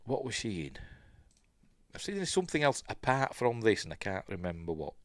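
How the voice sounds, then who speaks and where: A man's voice: on the low side, very animated, fairly quick, no room sound, studio quality. An older man with a Yorkshire accent, hosting a podcast in casual rambling chat, laughing often and trailing off as he looks things up. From Yorkshire, England. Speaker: podcast host.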